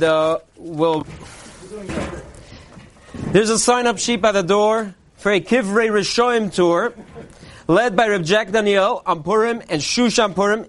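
A man delivering a parody Purim sermon, a mock-earnest preacher cadence and deadpan punchlines. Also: high-pitched, measured pace. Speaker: comedian delivering a mock Purim Torah speech.

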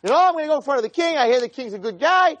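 An earnest young peasant who was once a prince, fussing over his papers and claims in a fairly high, lively voice, as a preacher acts him out. A man voices him. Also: rapid-fire. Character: young exiled prince, now a hopeful peasant.

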